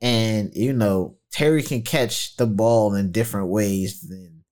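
A man's voice: lowish voice, takes it slowly. A man co-hosting a casual sports talk show, talking in a loose, colloquial way and acting out what others told him. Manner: animated, colloquial, slips into quoted voices. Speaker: podcast co-host.

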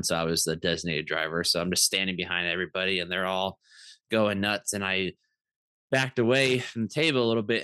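A man's voice: low voice, clean tone, dry recording, clean studio sound. A man in his thirties, a podcast co-host, telling casual stories full of fillers and restarts. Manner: rambling, animated anecdotes with many fillers. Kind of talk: casual storytelling chat.

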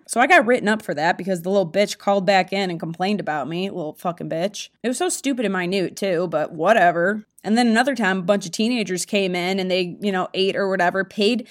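A woman's voice: medium pitch, fast talker, few pauses. A young woman hosting a podcast, telling blunt, profane stories in a casual monologue. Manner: profane, blunt, animated storytelling. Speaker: podcast host.

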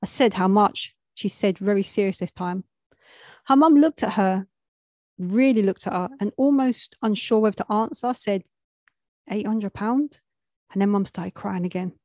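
A woman's voice: mid-range voice, moderate pace, darkish tone, no room sound. A young adult woman, telling a street story in a plain, matter-of-fact way with street slang.

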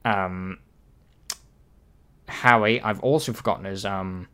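A man's voice: deep voice, steady tone, takes it slowly, fairly bright tone, clear, resonant tone. A man co-hosting a casual podcast from home on a voice call, rambling with fillers and swearing. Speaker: podcast co-host. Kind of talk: casual chat.

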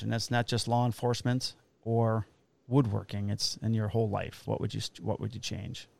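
A man, a police officer co-hosting a podcast, telling a story in a casual, animated way with a lot of swearing. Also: on the low side, normal speed, creaky, no echo. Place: Illinois.

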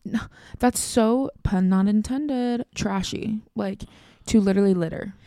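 A young woman co-hosting a casual podcast chat, agreeable and quick to chime in with jokes. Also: mid-range voice, mellow, no room sound, clean studio sound. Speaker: podcast co-host.

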